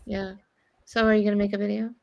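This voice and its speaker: A woman's voice: mid-range voice, level tone, fast talker, vocal fry. A woman calling into a friend's livestream and teasing him in a bossy, playful way. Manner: teasing, bossy, talks over. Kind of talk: casual teasing chat.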